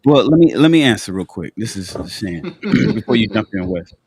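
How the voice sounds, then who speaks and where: A man's voice: lowish voice, big pitch swings, moderate pace, a crowd in the background. A man who is sick and lying down, talking bluntly and profanely as a panelist in a casual chat, with many restarts and a cough. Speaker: panelist on a live call-in show. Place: at home in bed.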